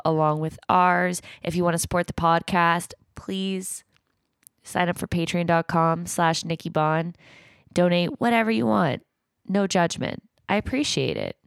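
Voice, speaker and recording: A woman's voice: fairly low pitch, lively intonation, moderate pace, gravelly, clean tone, dry recording, studio quality. A woman hosting a podcast with her father, talking casually and candidly, with the odd swear. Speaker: podcast host.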